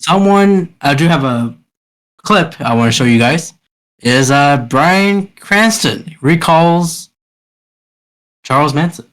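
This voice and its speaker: A man's voice: a little high, animated, takes it slowly, long pauses, fairly bright tone. A man co-hosting a podcast, chatting casually and hesitantly with plenty of fillers. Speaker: podcast co-host. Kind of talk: casual chat.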